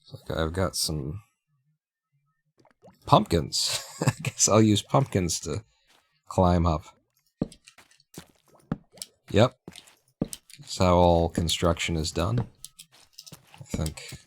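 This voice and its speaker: A man's voice: low-pitched, expressive, takes it slowly, pauses often, slightly rough. A man livestreaming as he plays a game, chatting in a rambling, opinionated way and laughing at his own jokes. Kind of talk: casual gameplay chat.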